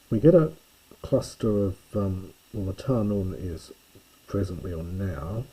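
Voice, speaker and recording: Man, lecturer, slow scholarly reading, low voice, husky, careful explanations. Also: mellow, poor audio. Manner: careful and explanatory, pauses to correct himself. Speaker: lecturer reading a Greek play.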